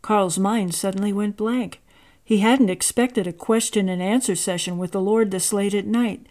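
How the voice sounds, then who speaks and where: A woman reading a story aloud in a measured, expressive narrating voice. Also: medium pitch.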